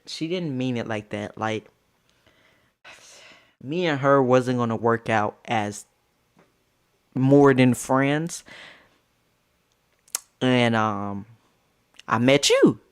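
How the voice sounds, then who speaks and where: A young man casually telling a story, animated and profane, jumping into squeaky high outbursts. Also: clear, resonant tone.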